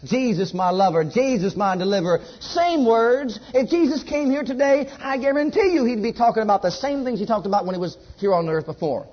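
A man preaching a sermon at a church service. He repeats his exhortations emphatically and drops to a hush. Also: extremely high pitch, brisk, hardly any pauses, muffled recording.

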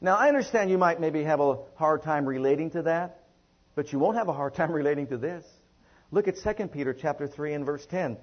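A man's voice: fairly high pitch, lively intonation, brisk, breathy edge. A man preaching a sermon to a congregation, leading call-and-response and stretching out emphatic phrases. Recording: muffled lo-fi sermon recording.

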